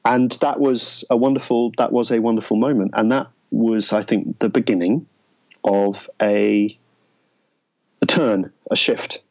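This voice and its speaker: A man, an interview guest, telling a personal story in a reflective, halting way with frequent restarts. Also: fairly low pitch, steady tone, vocal fry, darkish tone, lo-fi sound. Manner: halting, searching for words, many restarts.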